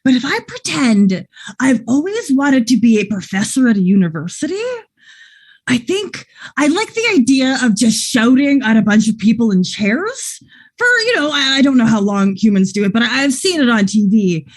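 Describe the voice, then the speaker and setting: A woman playing a tabletop game in character, excitable and tripping over her words. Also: on the high side, normal speed. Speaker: player.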